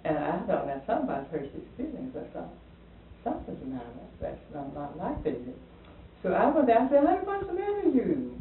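A woman's voice: deep voice, fairly quick. Woman telling a story on old tape. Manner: animated, acts out quoted voices, hesitant fillers. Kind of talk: casual storytelling conversation. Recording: lo-fi distant echoey archival tape with hiss.

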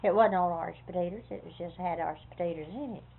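A woman's voice: lowish voice, fast, creaky. An older woman, talking plainly in casual conversation. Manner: plainspoken, fretful. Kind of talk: casual chat. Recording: tinny phone-like recording with faint hiss.

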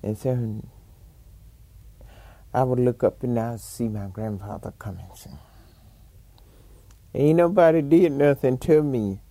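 Slow-talking older woman, dry and close. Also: very deep voice, mellow, dry recording. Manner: rambling storytelling, frequent chuckles. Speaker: interviewee. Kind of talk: oral history reminiscence.

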